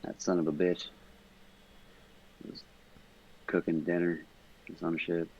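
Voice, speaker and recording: A man's voice: low voice, little pitch movement, slow pace, breathy edge, highs cut off. A man in casual podcast chat, stoned, rambling and swearing as he talks. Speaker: podcast guest.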